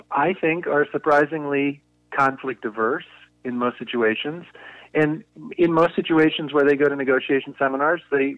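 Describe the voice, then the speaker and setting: A man's voice: fairly high pitch, no echo. Man explaining over a tinny line. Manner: thoughtful, explanatory, with frequent restarts. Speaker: guest, negotiation consultant. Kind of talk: conversational podcast interview. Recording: tinny phone-line audio.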